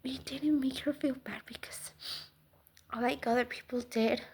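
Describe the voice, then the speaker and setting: A woman giving a casual faith talk to the camera, swinging from loud exclamations to soft near-whispers. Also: high-pitched, steady tone, unhurried, husky. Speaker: Christian vlogger.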